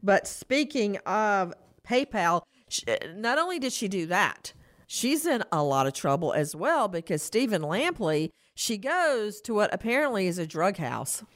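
A woman's voice: medium pitch, measured pace. A woman hosting a true crime talk show, talking with sarcasm and frequent laughs. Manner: animated, sarcastic, laughs often. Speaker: host.

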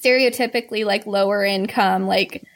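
Creaky-voiced young Southern woman. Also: medium pitch, steady tone, normal speed. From North Carolina. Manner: laughs easily, uses "like" a lot. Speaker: caller, TikToker. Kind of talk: casual phone chat.

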